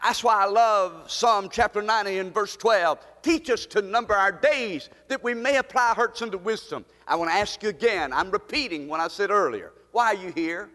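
A man's voice: high voice, moderate pace, few pauses, pushed and bright, big-room sound. A man preaching a sermon as pastor, impassioned and repetitive, with pleading rises.

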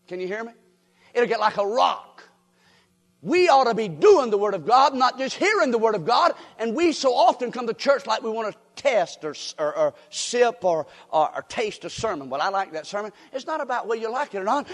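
A man preaching a revival sermon, folksy and direct with the congregation, dropping to quiet asides and rising to shouted exhortation. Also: high-pitched, lively intonation, moderate pace. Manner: folksy, addresses crowd directly. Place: church sanctuary. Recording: long hall reverb.

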